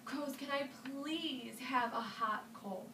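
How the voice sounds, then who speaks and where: Lady putting on a sneaky whiny spider guy for a kids story, higher voice, echoey far mic. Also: expressive, normal speed, natural voice. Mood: polite. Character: sly, pleading male trickster spider. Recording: roomy, distant mic with ambient noise.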